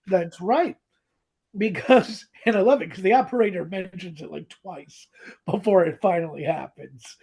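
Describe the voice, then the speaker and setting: A podcast co-host in casual, animated chat who laughs easily and acts out quoted lines. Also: mid-range voice, moderate pace, gravelly, breathy edge. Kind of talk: casual chat about a radio drama.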